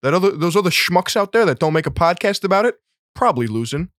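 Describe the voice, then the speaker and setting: A young man with a New York accent co-hosts a podcast, cracking profane jokes and laughing often. His voice sits a touch high and moves around lively. The recording is dry and close-miked. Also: fast talker, no room sound. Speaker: podcast co-host. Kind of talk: casual podcast banter.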